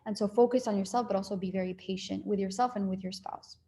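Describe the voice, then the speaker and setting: A young woman speaking casually to an audience about relationships, her voice sitting at an ordinary middle pitch. She rambles in a friendly way, full of "like" and "you know". She slips into quick little quoted dialogues as she talks. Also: fairly even intonation, warm tone. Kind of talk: casual talk to a live and Zoom audience.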